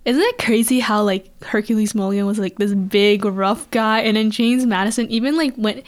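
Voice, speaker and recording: A woman's voice: mid-range voice, moderate pace. A woman co-hosting a casual podcast, reading out list entries and laughing easily between points. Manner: reads list entries aloud, laughs often. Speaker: podcast co-host.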